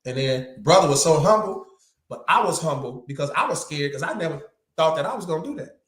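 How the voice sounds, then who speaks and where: A man who is a guest and martial artist, telling lively anecdotes in casual slangy talk and acting out the voices of the people in his stories. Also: on the high side, brisk, echoey room. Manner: animated anecdotes, slangy, acts out quoted voices. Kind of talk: casual storytelling chat.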